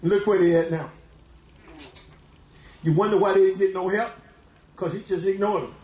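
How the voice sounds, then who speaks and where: High-voiced shouting preacher. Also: male voice, fairly even intonation, normal speed, pauses often, reverberant. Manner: preaching with shouts and repeated hallelujahs. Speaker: pastor. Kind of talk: sermon. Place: church.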